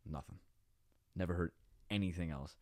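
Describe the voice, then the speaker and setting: A man's voice: low-pitched, normal speed, darkish tone, no echo. A man guesting on a podcast, telling a story in a casual, slangy, laid-back way in a studio.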